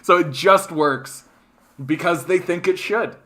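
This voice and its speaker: Canadian man, livestream host, casual rambling chat, curses freely, keeps asking "right?", fairly high voice. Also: unhurried, sharp tone. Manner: rambling and profane, tagging sentences with "right?".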